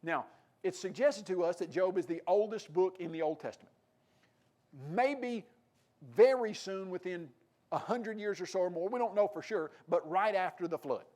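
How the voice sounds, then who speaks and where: A man with a Tennessee accent preaching a sermon, acting out quoted lines with a raised, animated delivery. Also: high voice, moderate pace.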